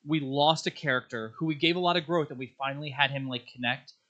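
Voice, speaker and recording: Man, podcast co-host, bright sharp voice, rambling casual chat, lots of likes. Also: mid-range voice, quick pace, dull audio. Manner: rambling, lively, many likes and restarts.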